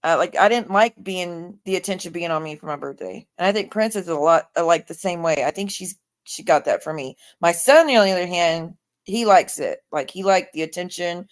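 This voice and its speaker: A woman's voice: on the low side, a little fast, hardly any pauses. A woman in her forties chatting casually on her livestream, reading viewer comments aloud and talking back to them. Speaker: livestream host.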